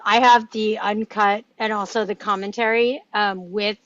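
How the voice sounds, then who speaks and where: A woman's voice: medium pitch, fairly even intonation, normal speed, a bit bright, no room sound. A woman hosting a casual table-read chat, talking enthusiastically and rambling about films. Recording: dull lo-fi sound.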